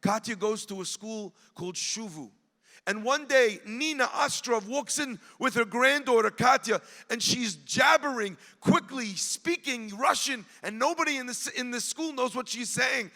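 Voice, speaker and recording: A man, a rabbi, giving an impassioned storytelling speech at an event, rising at times to shouts. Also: extremely high pitch, moderate pace, big-room sound. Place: large event hall.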